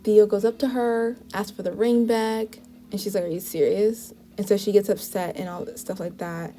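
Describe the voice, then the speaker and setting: A woman's voice: medium pitch, fairly even intonation, moderate pace, dark tone, soft background music. A woman casually recapping the plot of a TV show in a chatty way, with frequent "like" asides. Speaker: TV show reviewer.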